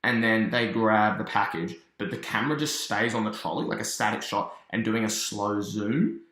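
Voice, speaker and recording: A man casually recapping and reviewing a cartoon episode, telling it as an animated story with quick asides. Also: fairly low pitch, reverberant.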